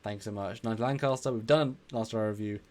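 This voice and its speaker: A man's voice: lowish voice, fairly even intonation, quick pace, a little mellow. A man from England hosting a casual live stream, effusive and rambling, often repeating himself.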